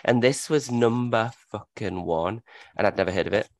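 Chatty man, low voice, dry sound. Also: normal speed, dry recording. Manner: swears freely, chatty and excitable. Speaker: podcast co-host. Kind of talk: casual chat.

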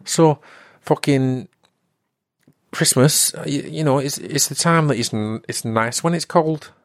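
Rambling podcast host, dry sound. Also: male voice, medium pitch, measured pace, no echo. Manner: rambling, comic, slips into put-on regional accents. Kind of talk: solo podcast monologue.

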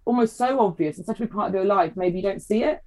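A woman, a food writer chatting on a podcast and telling family stories in a lively way. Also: medium pitch, quick pace, low-quality recording. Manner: chatty storyteller, animated quoting. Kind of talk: casual chat.

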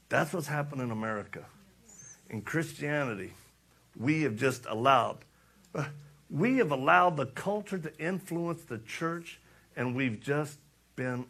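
A man's voice: on the high side, moderate pace, creaky, fairly bright tone. A man preaching a casual sermon, folksy and joking, acting out the dialogue of the story.

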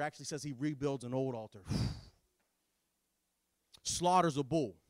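Jokey, sarcastic male pastor mid-sermon; high voice, dry recording. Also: no room sound.

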